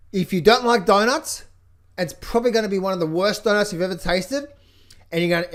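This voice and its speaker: A middle-aged man coaching on trading, talking over charts in an energetic, playful way, chanting phrases in a sing-song repetition. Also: high voice. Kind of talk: casual market commentary over charts.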